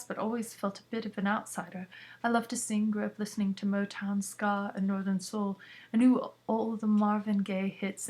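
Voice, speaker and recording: A woman casually reading a book aloud, with asides and self-corrections. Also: medium pitch. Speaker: reader.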